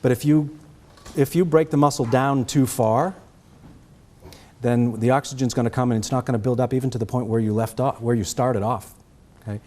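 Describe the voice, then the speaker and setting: Mellow-voiced middle-aged man with a Boston accent. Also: medium pitch, fairly even intonation, normal speed. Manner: conversational, checks in with "okay?". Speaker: trumpet teacher giving a master class. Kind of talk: master class teaching, answering questions.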